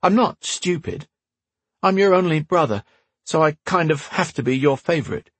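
A man's voice: animated, moderate pace, fairly bright tone, no room sound. A man voicing a whiny, eager fourteen-year-old boy who pushes to be included. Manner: high pleading whine.

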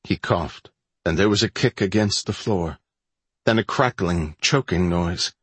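A man narrates an audiobook in a measured, storytelling way. His voice is very deep and husky, recorded close and dry. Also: dry recording. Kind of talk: scripted narration.

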